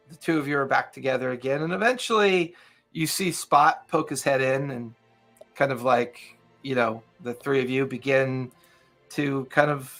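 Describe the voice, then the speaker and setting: A man's voice: mid-range voice, fairly bright tone. A man acting as game master, narrating a tabletop game loosely with many fillers.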